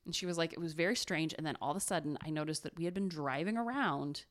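A woman's voice: deep voice, fast talker. Chatty young woman telling a story. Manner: chatty, rambling with fillers and laughs. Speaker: podcast co-host telling a true crime story. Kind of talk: casual chat.

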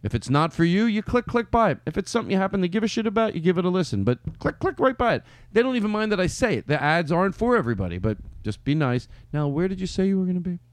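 A man's voice: sits high, sing-song, quick pace, few pauses, no room sound. A man hosting a comedy podcast, talking casually in rambling, playful asides. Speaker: podcast host.

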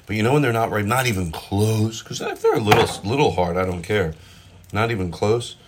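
Middle-aged male comic, very low voice, loose rambling kitchen chat with the odd swear, phone mic on the counter. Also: big pitch swings, brisk, heavy background noise. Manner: rambling, self-interrupting, with mild swearing. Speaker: comedian hosting his own show. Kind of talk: casual chat while cooking and eating. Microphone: phone propped up nearby.

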